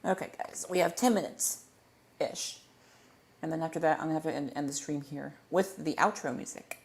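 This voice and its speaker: A man's voice: on the high side, normal speed, creaky. A man hosting a casual livestream Q&A into a desk microphone, rambling playfully and tripping over his words as he corrects himself. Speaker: livestream host.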